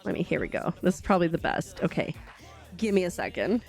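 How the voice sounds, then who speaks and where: A woman's voice: on the low side, sing-song, quick pace, creaky, a little mellow. Woman, light Canadian accent, live streamer, casual chat, giggly, desk mic, faint music behind. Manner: chatty and giggly, laughing often. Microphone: desk microphone.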